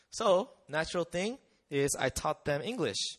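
A young man tells a story from his missionary days in a lively, animated way. He acts out the voices of the people in it and laughs often. His voice sits a bit higher than most men's. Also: moderate pace, few pauses. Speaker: missionary speaker. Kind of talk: storytelling testimony talk.

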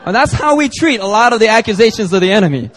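A man's voice: sits high, expressive, fast talker, fairly bright tone, a faint crowd. A man preaching a sermon as pastor, conversational and joking, acting out little dialogues. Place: church service.

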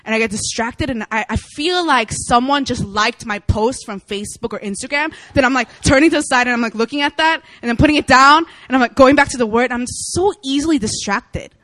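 A young woman preacher giving a casual sermon, chatty and animated, often laughing as she tells stories. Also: high-pitched, a little fast, hardly any pauses, no echo. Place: church meeting room.

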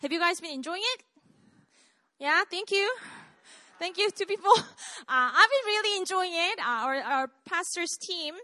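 A woman's voice: extremely high pitch, lively intonation, moderate pace, pushed and bright, no echo. A woman pastor with a Korean accent, preaching a live sermon to a congregation in a chatty, self-deprecating way and often asking them questions.

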